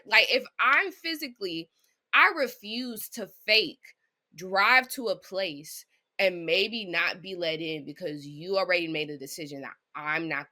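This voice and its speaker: A woman's voice: mid-range voice, sharp tone. A young woman co-hosting a sports podcast in casual chat. She thinks aloud in an earnest, emphatic way. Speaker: podcast co-host.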